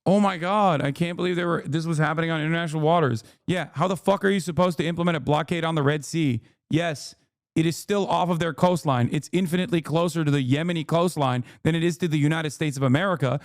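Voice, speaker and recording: A man in the middle of a heated livestream rant, swearing and mocking as he goes. His voice is a bit high and worn hoarse from talking. The sound is dry and close to the mic. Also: fast talker, no room sound. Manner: angry, swearing, sarcastic rants. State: losing his voice. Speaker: streamer reacting to a video.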